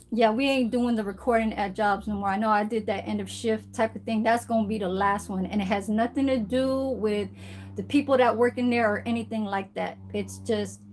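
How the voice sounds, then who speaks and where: A woman chats casually into her phone camera at home. Her voice sits a touch high, and she rambles from one aside to the next, swearing freely and checking in with a quick "okay?" as she goes. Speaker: vlogger. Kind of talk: casual vlog chat. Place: at home, indoors.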